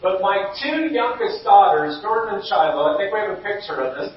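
A man's voice: high voice, big pitch swings, fairly quick. A middle-aged man preaching a sermon as pastor, telling stories and acting out quotes. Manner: storytelling with acted-out quotes, rising to shouts. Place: church sanctuary. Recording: dull, echoey hall from far off.

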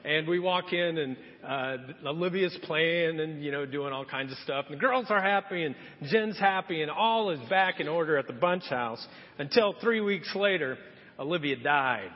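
Slightly high in pitch and at a moderate pace, a pastor delivers a sermon, storytelling and acting out the voices of those involved. The church hall sound is muffled and echoes long.

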